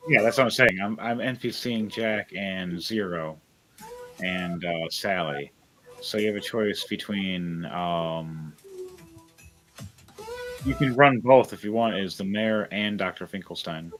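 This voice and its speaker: A man's voice: low voice, a little slow, fairly bright tone, faint music behind. A man narrating as game master of a tabletop game, rambling with lots of fillers and restarts.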